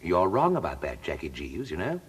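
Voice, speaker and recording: A cheerful, feather-brained young toff in a radio comedy, speaking. His voice bounces up and down, carries a breathy touch, and he bumbles into indignant protests. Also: low voice, wildly swooping pitch, moderate pace, full character voice. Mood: airy. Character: young male idle aristocrat, cheerful and dim. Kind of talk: radio comedy drama acting.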